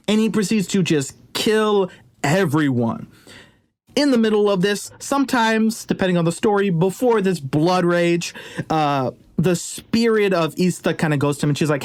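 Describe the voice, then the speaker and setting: Casual, jokey male storyteller. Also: sits high. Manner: conversational, jokey asides.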